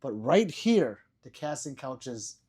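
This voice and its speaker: A man's voice: medium pitch, big pitch swings, unhurried, a little mellow, husky. A man hosting a casual livestream, reading viewers' chat messages aloud, joking, laughing and swearing freely. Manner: loose and profane. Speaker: livestream host.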